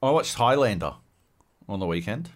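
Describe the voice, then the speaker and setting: Animated, swearing male podcast co-host. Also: lowish voice, moderate pace. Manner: profane, animated ranting. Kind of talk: casual podcast banter.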